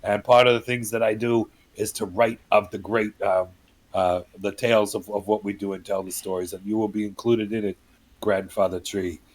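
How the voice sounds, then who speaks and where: A man's voice: fairly low pitch, flat delivery, moderate pace, voice pushed down, lightly acted, poor audio. A man playing a grandiose, boastful bard. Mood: earnest. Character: boastful male bard addressing a tree spirit.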